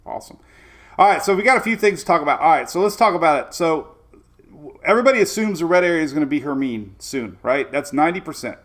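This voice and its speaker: A man's voice: on the high side, animated, fast talker, a bit bright. A middle-aged man hosting a casual weather livestream, rambling energetically and greeting viewers by name.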